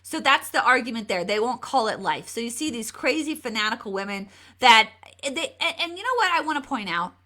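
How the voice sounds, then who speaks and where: A woman's voice: big pitch swings, a little fast, bright, forceful tone. A woman hosting a live political commentary video, emphatic and given to repeating words as she talks. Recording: re-downloaded lower-quality video.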